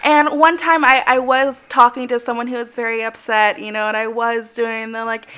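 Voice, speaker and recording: Woman cohosting a podcast, highish bright voice, giggly and chatty. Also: little pitch movement, moderate pace, smooth. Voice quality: bright, light voice. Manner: chatty, self-deprecating, giggly. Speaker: podcast co-host. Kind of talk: casual chat.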